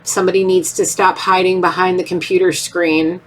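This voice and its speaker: A woman's voice: fairly low pitch, normal speed, a little hiss or hum. A woman in her thirties giving a casual, rambling tarot reading, often acting out little voices. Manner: rambling, animated, acts out voices. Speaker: tarot reader.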